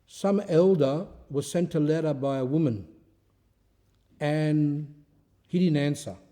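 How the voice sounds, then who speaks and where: A man's voice: on the high side, slow, warm tone. A man who is an Orthodox priest, giving an informal spiritual talk in a conversational, storytelling way, with rhetorical questions and phrases he often repeats.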